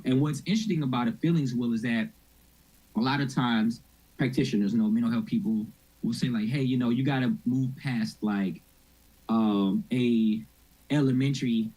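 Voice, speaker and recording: A man's voice: mid-range voice, darkish tone, slightly rough, rough recording. A middle-aged man leading a church mental health workshop in a conversational, informal way, often checking in with his audience. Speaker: mental health ministry speaker.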